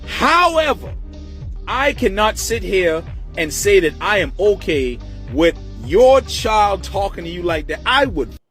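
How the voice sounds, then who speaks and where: Over soft background music, a man with a high, unhurried voice rants to his viewers, reacting to a viral video. His commentary is blunt and animated, packed with heavy cursing.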